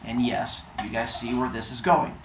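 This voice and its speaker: A man's voice: mid-range voice, normal speed. Playful man telling myths in an echoey room. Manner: playful, jokey, quizzes listeners. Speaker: storyteller. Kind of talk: lively storytelling to a live audience. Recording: echoey room, distant mic, faint noise.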